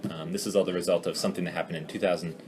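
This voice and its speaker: Low-voiced man reasoning it through. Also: flat delivery, rapid-fire, music in the background. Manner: repeats words, builds an argument. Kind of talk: interview.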